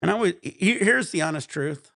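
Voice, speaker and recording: A man's voice: high-pitched, lively intonation, moderate pace, creaky, pushed and bright, no echo, clean studio sound. A man in his thirties hosting a casual livestream, telling rambling, profane stories and chatting with viewers. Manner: rambling, profane storytelling with frequent laughs. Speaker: cannabis stream host.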